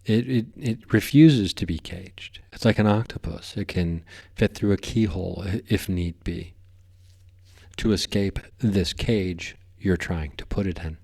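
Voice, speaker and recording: A man's voice: deep voice, a little slow, creaky, mellow, husky. A man hosting a podcast, talking in a rambling, playful way and often tripping over his words. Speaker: podcast host. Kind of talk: casual podcast monologue.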